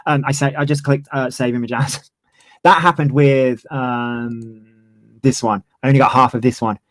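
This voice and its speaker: A man's voice: mid-range voice, fairly even intonation, moderate pace, no echo. A man in his twenties, ranting heatedly on a livestream and swearing freely. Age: 20s. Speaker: streamer. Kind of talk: livestream commentary.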